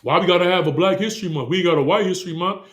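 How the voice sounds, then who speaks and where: Male preacher, high pitch, bright tense tone, impassioned sermon. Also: racing. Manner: impassioned, rhetorical questions, slips into quoted voices. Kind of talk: sermon with scripture reading. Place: congregation hall.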